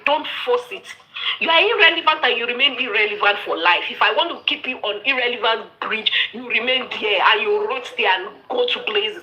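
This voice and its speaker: A Nigerian woman in her forties hosts a live stream, ranting heatedly, defiant and dismissive, and talking over others. Her voice is on the high side, fairly quick and bright, with lively intonation and a forceful tone, on a rough recording.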